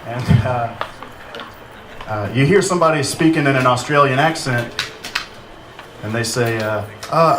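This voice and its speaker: A man giving a halting, informal eulogy at an outdoor memorial, full of pauses and dry jokes. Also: mid-range voice, a bit bright. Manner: hesitant, many "uh" fillers, dry humor. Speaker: memorial speaker. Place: outdoor gazebo. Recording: echoey, distant, noisy.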